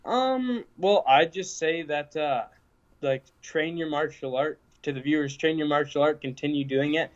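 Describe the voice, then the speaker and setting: A man's voice: fairly high pitch, moderate pace, dull audio. A young man from Canada answering interview questions casually and hesitantly, with many fillers. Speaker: guest.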